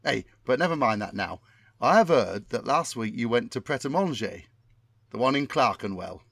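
A man's voice: medium pitch, lively intonation, moderate pace, gravelly, a bit bright, slightly rough, dry recording, clean studio sound, exaggerated voice. A man doing a chummy Bolton entertainer. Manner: chummy, rambling, oblivious. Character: middle-aged northern English male entertainer, creepily overfamiliar.

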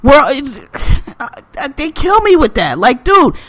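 High bright-voiced man, ranting. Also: drawn-out words, no echo. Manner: animated, profane, ranting. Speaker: podcast co-host. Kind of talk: casual podcast chat.

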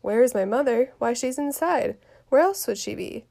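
A woman reading the part of a fussy, complaining old nursemaid aloud from a play, grumbling in a quiet voice. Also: fairly high pitch, expressive, moderate pace, creaky.

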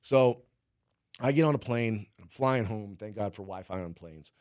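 In an expressive, somewhat low and mellow voice at normal speed, a guest who used to cultivate cannabis casually recounts a story in an interview, rambling with lots of "like" and some cursing. It's a studio-quality recording with no room sound.

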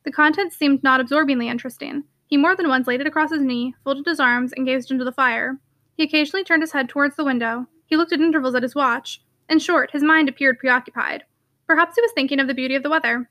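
A woman narrating a classic novel in a clear, measured way. Her voice is high and bright, with a crisp edge to every line. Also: dry recording. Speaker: audiobook reader. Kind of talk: reading a classic novel aloud.

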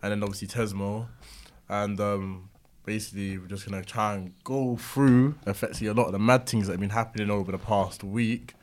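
Pria bersuara rendah, santai. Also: male voice, on the low side, fairly even intonation, a little fast. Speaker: podcast host. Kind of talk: casual chat.

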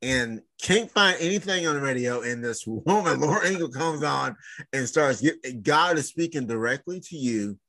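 A man hosting a faith podcast, animated and quick to laugh, breaking into preacherly asides. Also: mid-range voice. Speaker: podcast host. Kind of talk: casual interview chat.

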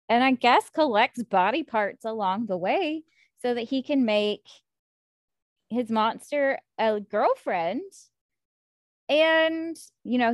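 An American woman hosting a casual book-club chat, talking in a chatty, animated way with lots of fillers. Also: fairly high pitch, dry recording, studio quality.

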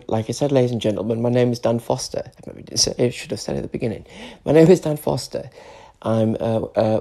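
A man's voice: mid-range voice, creaky, mellow. A British man in his forties, tearful and emotional, ranting in an unscripted solo podcast monologue and swearing often. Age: 40s. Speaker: podcast host.

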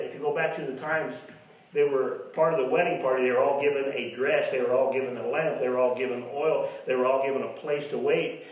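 Man, preacher, sermon, mocking asides, distant mic, echoey church hall. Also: brisk. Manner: mocks imagined doubters in a high voice.

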